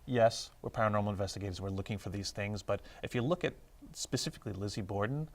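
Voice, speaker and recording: A man's voice: on the low side, quick pace. A man appearing as a paranormal investigator on a TV talk show, thoughtfully explaining his ideas at length. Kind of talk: casual studio chat. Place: public-access TV studio.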